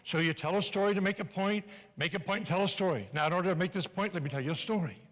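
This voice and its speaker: Bright, animated older man speaking in a hall. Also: sits high, fast. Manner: animated, playful, urging the audience. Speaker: motivational speaker. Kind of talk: live motivational speech. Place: large hall before an audience. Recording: long reverb in a hall.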